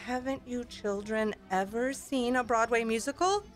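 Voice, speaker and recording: A woman's voice: on the high side, moderate pace, close to an everyday voice. A woman playing a prim, theatrical school music teacher in an audio drama, bossy and sing-song.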